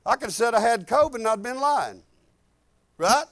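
A man's voice: very high-pitched, lively intonation, moderate pace, fairly bright tone, no room sound. An older man preaching a sermon as pastor, rambling and fervent, with many restarts and cries of hallelujah.

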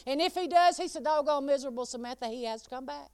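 High, folksy woman preacher. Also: fairly quick, long pauses, a little mellow, no room sound. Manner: folksy, calls out listeners by name, laughs often. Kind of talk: sermon.

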